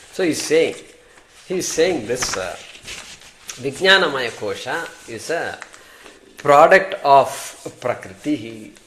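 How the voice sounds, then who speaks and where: A man's voice: medium pitch, a bit bright, a little hiss or hum. Indian man teaching scripture, question-and-answer style. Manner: conversational, poses questions to the class and answers them; recites Sanskrit terms and verses. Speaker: Vedanta teacher. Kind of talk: scripture class lecture.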